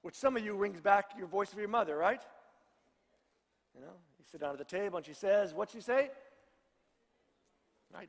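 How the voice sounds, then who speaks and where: A man's voice: high voice, animated, fairly quick, long pauses, fairly bright tone, in a large hall. A middle-aged male pastor giving a conversational sermon, joking with his congregation. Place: church sanctuary.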